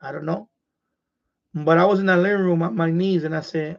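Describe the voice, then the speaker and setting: A man hosting a live stream, telling a frightening personal story in casual, animated and profane talk. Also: fairly high pitch, fairly quick, gravelly. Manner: animated and profane, retelling a scary event. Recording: dull lo-fi stream audio.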